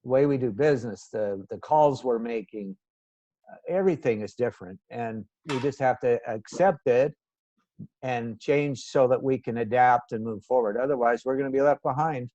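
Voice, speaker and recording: Team member guy, measured and earnest, dry dull muffled audio. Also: mid-range voice, mellow, no room sound. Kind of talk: casual meeting talk.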